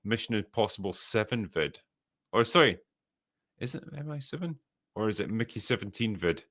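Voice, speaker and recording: A Scottish man with a somewhat low voice hosts a casual podcast. He reads viewer messages aloud and answers them with dry, profane, sardonic quips. The sound is dry and close to the mic. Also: expressive, moderate pace, a bit bright, no room sound. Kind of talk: casual chat.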